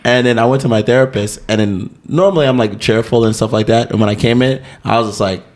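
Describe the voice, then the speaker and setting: A man's voice: mid-range voice, quick pace. A man guesting on a podcast in casual chat, telling stories and acting out quotes. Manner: animated storyteller, acts out quotes.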